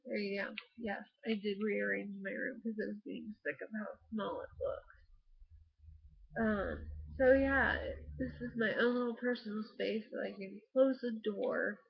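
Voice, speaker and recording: A young woman from the States, hoarse from allergies and losing her voice, rambling tiredly in a casual late-night vlog from her bedroom. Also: medium pitch, fairly even intonation, a little slow. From United States. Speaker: vlogger. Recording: dull lo-fi laptop recording.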